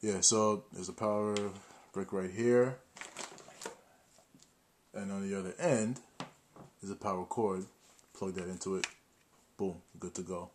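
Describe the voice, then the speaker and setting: A man with a deep, low voice talks through an unboxing in a loose, chatty way. He jokes at his own expense and keeps a playful, easygoing tone. A faint hiss of noise sits under his voice. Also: fairly even intonation, unhurried, long pauses. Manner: playful, chatty, self-mocking. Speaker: video host. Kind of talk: casual unboxing narration.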